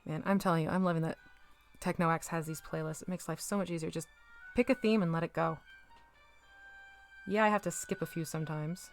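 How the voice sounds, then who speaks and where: A woman's voice: low-pitched, steady tone, a little fast, soft background music. A woman chatting casually with her live-stream audience while she paints miniatures, laughing often and sometimes drifting away from the mic.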